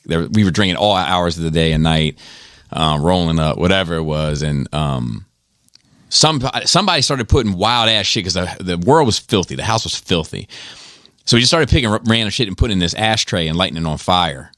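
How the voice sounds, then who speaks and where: A man's voice: sits low, animated, normal speed, a bit bright, dry recording, studio quality. A man hosting a podcast, telling rambling, profane stories full of fillers. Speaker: podcast host. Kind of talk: casual storytelling.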